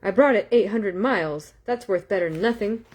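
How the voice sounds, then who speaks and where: A woman's voice: lowish voice, a little fast, darkish tone, lightly acted. A woman voicing a sly young man in disguise, talking in a persuasive, wheedling patter in a storybook reading.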